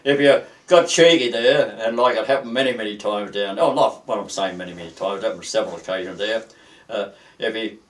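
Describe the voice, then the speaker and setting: An older Australian man recalls his working life in a halting, rambling way, often restarting his sentences. His voice sits a little away from the mic. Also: lowish voice, far from the mic. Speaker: retired merchant seaman. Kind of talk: oral history interview.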